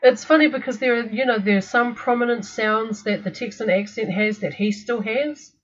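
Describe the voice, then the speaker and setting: A New woman chimes in on a livestream chat, laughing easily and agreeing with her co-host. Her voice is husky and a little breathy. The audio is dull and lo-fi, as if from a cheap mic. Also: on the high side, moderate pace. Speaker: podcast co-host.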